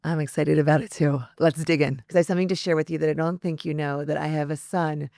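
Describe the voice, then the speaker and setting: A woman's voice: low voice, steady tone, fast, mellow, no room sound, clean studio sound. A woman hosting an interview show, earnest and personal in how she asks her questions. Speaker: host. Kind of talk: interview hosting with scripted intro.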